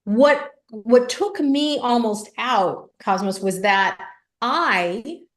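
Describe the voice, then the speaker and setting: A woman's voice: fairly high pitch, extremely slow. A woman guest on an interview show, a business coach telling stories and acting out what people said. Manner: animated storytelling, acts out quoted voices. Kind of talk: conversational interview. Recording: echoey room.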